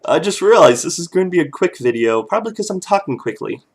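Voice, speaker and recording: A man's voice: a little high, very animated, fast. A man in his thirties, a father casually telling family stories, chuckling often and loose with fillers. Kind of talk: casual storytelling vlog.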